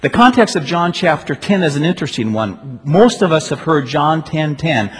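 A man preaching a sermon, with a husky, slightly breathy voice. He leans on rhetorical questions and swings from loud emphasis to quiet stretches. His voice rings out with a long reverb in a church sanctuary. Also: fairly high pitch, expressive, moderate pace, hardly any pauses. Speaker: pastor.

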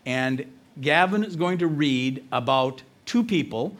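A man preaching a sermon earnestly, with pauses and emphasis. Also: on the high side, expressive, fairly bright tone. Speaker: pastor.

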